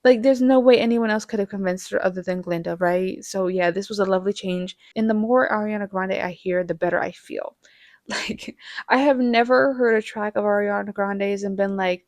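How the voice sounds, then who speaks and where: A woman's voice: mid-range voice, normal speed, a little mellow, dry recording, studio quality. A young woman from the Midwest gives a chatty, gushing movie review and laughs now and then. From American Midwest. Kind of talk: casual movie review chat.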